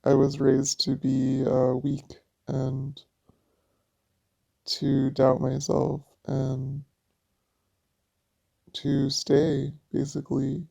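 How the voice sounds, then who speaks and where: A woman's voice: extremely low pitch, monotone, drawn-out words, pauses often, dark tone. A woman in a personal vlog monologue, venting in a raw, profane way. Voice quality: gravelly vocal fry. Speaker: vlogger. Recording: dull lo-fi audio.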